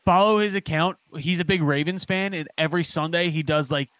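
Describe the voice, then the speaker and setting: A man's voice: fairly high pitch, a little fast, no room sound. Philly man ranting, dry close sound. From Philadelphia. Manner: animated, swears freely, mocks overdone accents. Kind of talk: casual chat.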